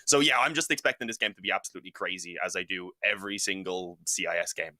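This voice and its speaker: A man casting esports, chatting through pre-match commentary in a quick, talkative way. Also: low-pitched, sharp tone, dry recording. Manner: chatty and quick, laughs between points. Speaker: esports caster.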